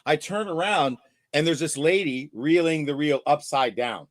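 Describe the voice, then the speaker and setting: Animated man telling a fishing story. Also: on the high side, normal speed, no room sound, studio quality. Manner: animated storyteller, acts out the voices of people in his stories. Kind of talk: casual chat.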